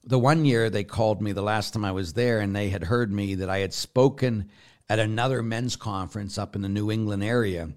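Blunt priest with forceful manner. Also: male voice, on the low side. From Pittsburgh, United States. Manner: blunt, forceful, storytelling with rambling restarts. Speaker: Catholic priest answering listener questions. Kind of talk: casual Q&A talk.

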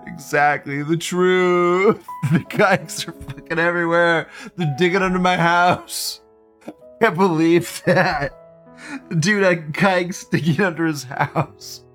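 On the high side and a bit bright, this man's voice stays steady and slow as faint music plays behind him. He hosts a casual livestream commentary show, profane and rambling, laughing frequently and repeating phrases.

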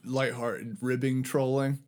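A man's voice: medium pitch, slow pace. A man co-hosting a music podcast in casual chat, telling stories with plenty of laughter. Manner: laughing, animated storyteller. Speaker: podcast co-host.

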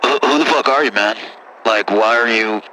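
A man's voice: medium pitch, moderate pace, bright, forceful tone, slight background noise, close to an everyday voice, poor audio. A man playing a brash, crude caller from Houston who drawls and rambles. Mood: laid-back. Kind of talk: comedic radio call-in sketch.

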